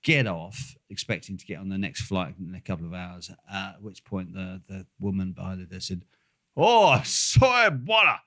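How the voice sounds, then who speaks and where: A man's voice: low voice, little pitch movement, fairly quick, few pauses, fairly bright tone. An older man telling a long, rambling travel story in casual chat, swearing freely and full of fillers. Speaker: podcast co-host.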